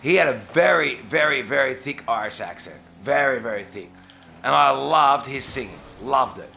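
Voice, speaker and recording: A man's voice: medium pitch, animated, normal speed, gravelly, pushed and bright, a little hiss or hum. A young Australian man with an Australian accent, chatting casually with viewers on a livestream and answering them by name. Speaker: streamer.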